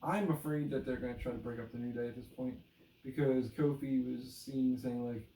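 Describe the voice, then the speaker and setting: A man's voice: medium pitch, steady tone, normal speed, dark tone, distant mic, a little hiss or hum. A man co-hosting a casual wrestling podcast, joking and rambling with plenty of fillers. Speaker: podcast co-host. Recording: echoey room, voice off-mic.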